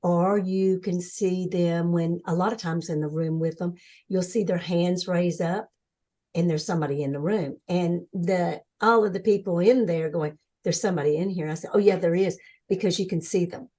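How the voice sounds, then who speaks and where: An older woman as an interview guest, telling her story in an earnest, animated way and acting out what others said. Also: fairly low pitch, moderate pace. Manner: earnest, animated storytelling, acts out quoted voices. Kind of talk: conversational interview.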